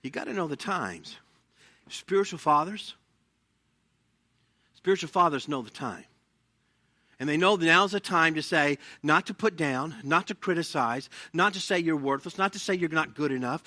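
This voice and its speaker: Male pastor, high voice, animated sermon delivery, dry close sound. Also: moderate pace, no room sound. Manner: animated preaching with asides and acted quotes. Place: church sanctuary.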